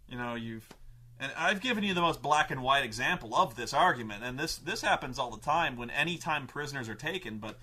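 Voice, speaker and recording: A man telling gaming stories in a casual monologue, animated, swearing and acting out players' quotes in raised voices. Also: fairly high pitch. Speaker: show host telling tabletop gaming stories.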